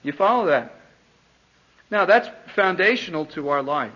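A man teaching a church congregation, speaking deliberately, restarting phrases and putting questions to his listeners, on a dull lo-fi recording. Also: fairly high pitch, animated, bright, forceful tone. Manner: deliberate, repeats words, questions the audience. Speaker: pastor teaching a church class.

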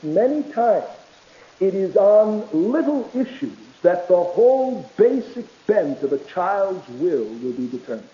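High-voiced man preaching a sermon, lo-fi. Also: sing-song, a little slow. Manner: emphatic preaching, swinging from loud to soft; reads quotations aloud. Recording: dull lo-fi recording.

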